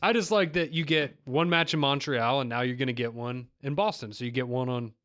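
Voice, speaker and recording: Fast-talking upbeat radio co-host man. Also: medium pitch, a bit bright, dull audio. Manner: quick, upbeat banter. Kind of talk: casual sports talk.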